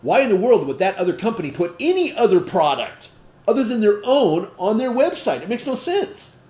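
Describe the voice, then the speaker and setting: Man, sales trainer, emphatic, rhetorical questions, fairly high voice, echoey room. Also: big pitch swings, fairly quick, a little mellow. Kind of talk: training talk to a group.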